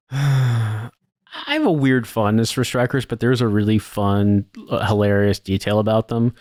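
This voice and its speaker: A man's voice: lowish voice, measured pace, a little mellow, no echo, studio quality. A man co-hosting a podcast in casual chat, rambling and swearing with lots of filler words. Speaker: podcast co-host.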